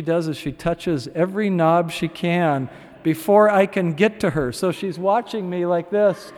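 Middle-aged male pastor, fairly high voice, chatty sermon delivery, long hall reverb. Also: a little slow, darkish tone. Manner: conversational preaching with asides and dramatized quotes.

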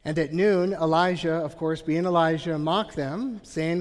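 Pastor, male, emphatic sermon delivery, fairly high voice, echoing sanctuary sound. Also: steady tone, measured pace. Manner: earnest, emphatic preaching with frequent "Right?" asides.

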